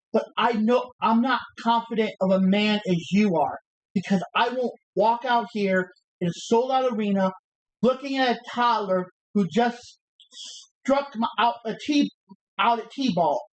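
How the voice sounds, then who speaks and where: A brash male pro wrestler cutting a taunting promo, cocky and full of challenge, as a woman re-enacts him on a livestream, the words stumbling out as they are recited. The voice sits a little high for the part and drops lower to sound tough. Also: natural voice, rough recording.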